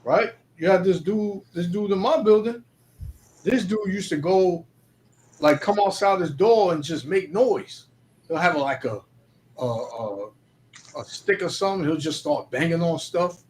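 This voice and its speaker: High-voiced man reading scripture casually. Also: animated. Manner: reads Bible verses slowly, then comments in loose street talk. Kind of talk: casual chat about scripture and life.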